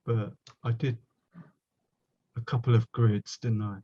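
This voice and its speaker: Rambling West Country painting teacher. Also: male voice, mid-range voice, level tone, slow, mellow, dull audio. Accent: West Country English. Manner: rambling, chatty, self-mocking. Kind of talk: casual online workshop teaching.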